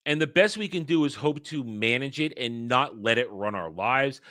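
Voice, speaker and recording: A man's voice: medium pitch, lively intonation, normal speed, sharp tone, no echo, studio quality. A man hosting his own livestream who talks bluntly and rambles, swears freely and often restarts his sentences. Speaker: livestream host. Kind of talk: casual livestream talk.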